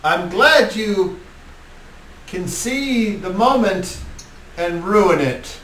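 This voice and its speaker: A man voicing an ancient, commanding male vampire count who speaks slowly with theatrical mockery. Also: high voice, animated, fairly bright tone, slight background noise, pitched above the performer's own voice, full character voice. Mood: mocking. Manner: slow, mocking, theatrical. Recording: roomy, distant mic.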